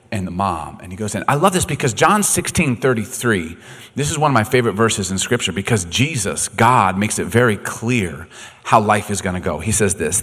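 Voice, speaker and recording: Animated preaching man, lively pitch. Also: breathy edge, in a large hall. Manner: animated storytelling, acts out quotes, joking. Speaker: pastor. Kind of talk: sermon.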